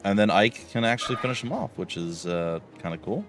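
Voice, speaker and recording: Man, game streamer, casual rambling talk, lowish voice, faint music in the background. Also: expressive, fairly quick. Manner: rambling, many fillers and restarts. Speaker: let's play streamer. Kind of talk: casual live-stream commentary.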